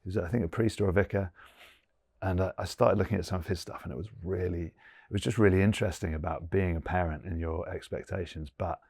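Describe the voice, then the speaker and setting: Low-voiced man, earnest and reflective. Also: steady tone, brisk, creaky, darkish tone, husky, no echo, clean studio sound. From England. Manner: earnest, thinks aloud, many "you know" fillers. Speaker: guest, former rugby player. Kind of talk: reflective interview conversation.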